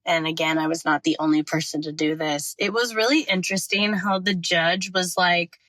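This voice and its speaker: A woman podcast host telling a story in a casual monologue from her car, talking fast and out of breath, with frequent swearing. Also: fairly low pitch, fairly bright tone, no room sound, low-quality recording. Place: parked car.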